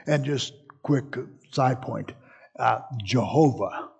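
Slow, husky man teaching a class. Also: mid-range voice, a little mellow. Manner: conversational, with frequent restarts and asides. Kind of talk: casual teaching talk.

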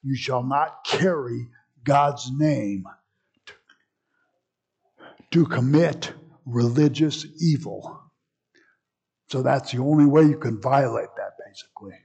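A man's voice: medium pitch, slow pace, gravelly, long pauses, a little mellow, husky. A man teaching a Bible class in a conversational way, with frequent asides and restarts. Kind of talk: casual teaching talk.

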